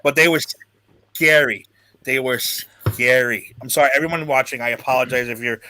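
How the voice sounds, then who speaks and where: A man's voice: mid-range voice, moderate pace, pushed and bright, a little hiss or hum. A man hosting a casual podcast chat, telling a long rambling story with restarts and swearing. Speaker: podcast host.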